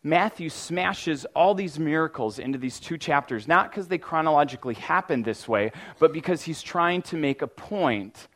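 A man delivers a sermon in an easygoing, conversational tone, his voice sitting a little on the high side. He often says "like" and restarts sentences, and now and then he breaks into loud, exaggerated cries of mock panic. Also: animated, normal speed, hardly any pauses. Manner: casual, conversational preaching with frequent "like" and restarts. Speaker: pastor.

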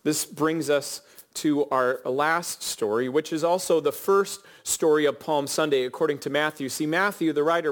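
A male pastor preaching a sermon, telling a story and asking his listeners questions. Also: on the high side. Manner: earnest, storytelling, addresses the congregation with questions.

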